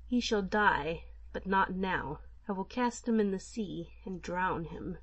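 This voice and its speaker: A woman voicing a cruel, treacherous male earl who speaks low, cold and scornful. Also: slow, muffled recording.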